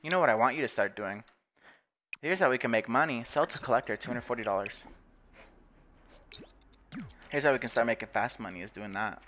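A man's voice: mid-range voice, brisk, long pauses, sharp tone, a little hiss or hum. A young man giving casual, profane commentary on a life-simulation game, laughing often and putting on mocking voices. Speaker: gaming video creator.

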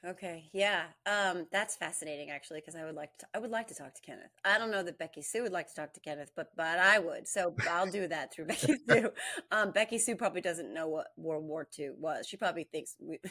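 A middle-aged woman from New Jersey talks as a guest over a video call, her voice sitting on the lower side. She rambles through animated stories and laughs often as she goes. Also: a little fast. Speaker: guest, comedic video creator. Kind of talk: casual interview chat.

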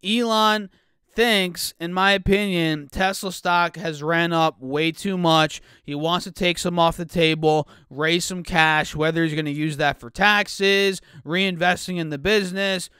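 Chatty guy talking stocks to his viewers, kinda high bright voice, just woke up so it's a bit rough, dry close sound. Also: steady tone, a little slow, no room sound. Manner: chatty, calls viewers "guys", many fillers. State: morning voice, clearing throat. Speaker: stock market video host. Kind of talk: casual talk to camera.

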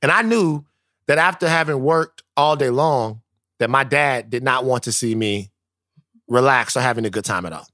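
A male podcast co-host from Louisiana telling stories in casual, profane, animated chat. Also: medium pitch, normal speed, no echo, clean studio sound. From Louisiana, United States.

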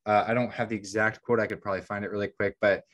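A man's voice: lowish voice, flat delivery, very fast, fairly bright tone. A man co-hosting a podcast, retelling a story in a casual, rambling way with lots of ums and restarts. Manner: rambling, heavy on fillers and restarts. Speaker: podcast co-host.

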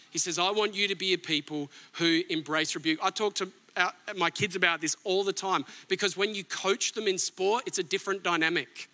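A middle-aged pastor with a high-sitting male voice preaches a sermon, swinging emphatically between near-shouts and soft asides.

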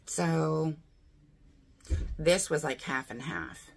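Slow, husky, gravelly woman vlogger. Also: deep voice. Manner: chatty, thinking aloud, asks viewers questions. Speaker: beauty vlogger. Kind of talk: casual unboxing chat.

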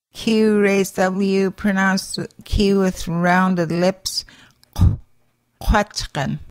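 A woman's voice: mid-range voice, dry recording. A woman demonstrating how letters sound. She says each sound on its own, then gives an example word. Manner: deliberate, spelling out each sound in isolation. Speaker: language teacher giving pronunciation examples. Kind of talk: slow, careful pronunciation guide.

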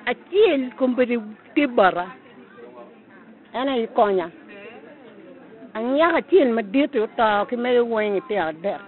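Old market lady, high voice, talks slow and heartfelt, sounds tinny like a phone. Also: animated. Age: older. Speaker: market vendor.

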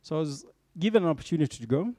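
Speaking to young leaders, this middle-aged bank executive races through an inspirational story-driven talk, often using tag questions to keep them with him. His fairly high voice is warm and lively in intonation, recorded with no room sound.

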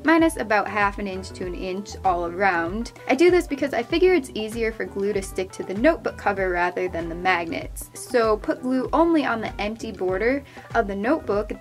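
A woman's voice: medium pitch, animated, normal speed, few pauses, faint music behind. A young woman, host of a craft channel, chatting her way through a step-by-step craft tutorial voice-over. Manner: chatty, upbeat, explaining step by step.

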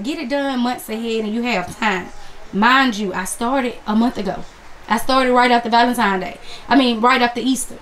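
Chatty woman, slightly high voice. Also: moderate pace, fairly bright tone, slight background noise. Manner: chatty, calls viewers honey and y'all. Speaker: crafts vlogger. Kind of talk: casual chat to camera.

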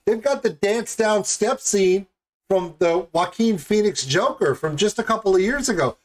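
A man chats through his reaction to a music video with a rambling, jokey energy. His pitch jumps up and down a lot, and he keeps laughing at his own tangents. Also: expressive, moderate pace. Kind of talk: casual reaction commentary.

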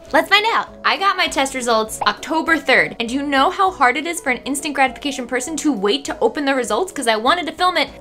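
A woman makeup vlogger talking casually to camera, excitable, chatty and joking. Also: on the high side. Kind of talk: casual vlog chat.

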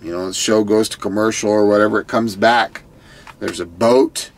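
Low-voiced man casually recapping an episode. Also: steady tone, moderate pace, a little hiss or hum. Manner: retells scenes, quoting participants, repeats "crazy". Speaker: YouTube reviewer.

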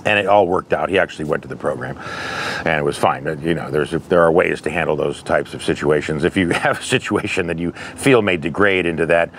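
A man's voice: very deep voice, a little fast, fairly bright tone, slight background noise. A man talking candidly about family interventions in a conversational advice monologue, with anecdotes from his work.

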